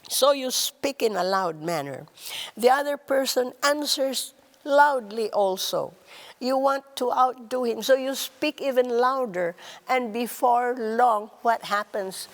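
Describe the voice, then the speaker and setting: A woman hosting a talk on relationships, speaking in a slow, deliberate teaching style. She stresses words and drops softly on key phrases. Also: long reverb tail. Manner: measured, emphatic, drops to a soft low voice on key words. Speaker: host.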